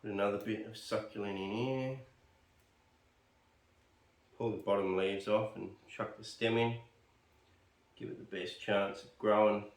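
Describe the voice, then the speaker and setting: An Australian bonsai vlogger rambles casually while potting plants, chatty and self-deprecating, muttering and joking at himself. His lowish voice is fairly even and a little slow with long pauses, recorded roomy from a distant mic.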